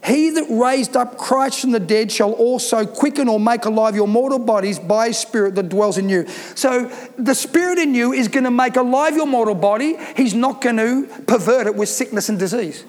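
A man's voice: very high voice, normal speed, few pauses. A man preaching a sermon as pastor, emphatic and insistent, driving home his points. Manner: emphatic, preaching with rising intensity. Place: church hall. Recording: reverberant church hall.

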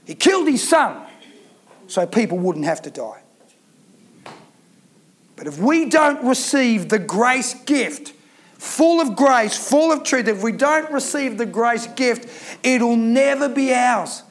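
A man preaches to his congregation with fervent, emphatic repetition. His voice sits remarkably high for a man. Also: lively intonation, slow pace, long pauses. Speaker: pastor. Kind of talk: sermon.

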